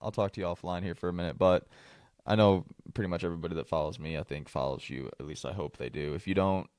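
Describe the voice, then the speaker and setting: Deep-voiced laid-back podcast host. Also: male voice, fast talker, darkish tone, clean tone, no room sound, studio quality. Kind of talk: casual podcast chat.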